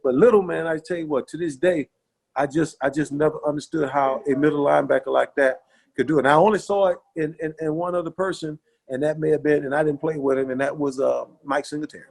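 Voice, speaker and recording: A middle-aged man, a former pro linebacker, telling stories in a relaxed podcast interview, folksy and repetitive with lots of "you know". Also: on the high side, fast, creaky. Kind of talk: casual storytelling interview.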